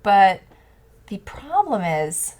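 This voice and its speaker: A woman's voice: medium pitch, big pitch swings, very slow, a little mellow. A woman in casual chat at a home game table, chatty and thinking aloud as she plays. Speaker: board game player. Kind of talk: casual chat while playing. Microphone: condenser mic.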